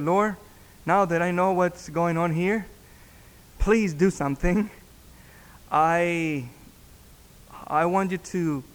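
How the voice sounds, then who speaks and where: A man, a pastor, telling a story in a sermon, halting and repeating words as he acts out the dialogue. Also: fairly high pitch. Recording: long reverb in a hall.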